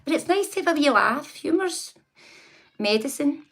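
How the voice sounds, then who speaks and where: A woman's voice: high-pitched, expressive, moderate pace, vocal fry, a bit bright. A woman hosting a casual livestream, chatting, laughing often and talking back to her viewers. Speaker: livestream host.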